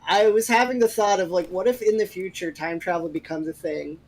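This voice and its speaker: A man's voice: high voice, a little fast, a little hiss or hum, low-quality recording. Host, man, laid-back, reads chat and riffs. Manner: relaxed, reads chat aloud. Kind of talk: casual chat.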